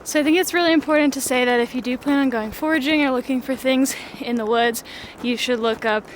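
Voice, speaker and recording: A young woman vlogs into a handheld camera while hiking through a snowy forest. Her voice sits a touch high and her talk is chatty and unscripted, often a little breathless from walking. Faint outdoor ambience hangs behind her. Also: fairly quick, slight background noise. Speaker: vlogger. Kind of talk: casual vlog narration.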